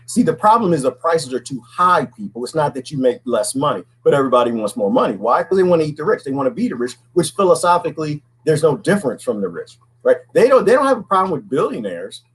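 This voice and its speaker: A man's voice: a little high, husky, rough recording. A man talking alone in a casual, preachy monologue, often asking "right?" and repeating words. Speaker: commentary host.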